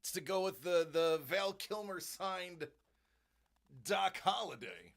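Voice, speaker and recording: Jokey middle-aged stream host, lively swooping delivery, voice a bit high for a man. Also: takes it slowly. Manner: jokey, laughs often, exclaims excitedly. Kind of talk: casual live-stream unboxing chat. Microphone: close desk microphone.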